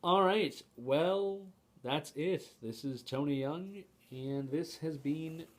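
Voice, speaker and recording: A man's voice: fairly high pitch, slow. A young man giving a casual spoken book review to camera, hesitant, with frequent fillers and restarts, and opinionated.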